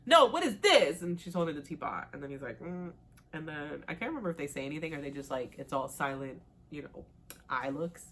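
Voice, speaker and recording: A woman's voice: deep voice, quick pace, vocal fry, a bit bright. A young woman chatting casually as she recaps a TV show, laughing at herself and acting out the characters' lines. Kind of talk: casual recap with acted-out quotes.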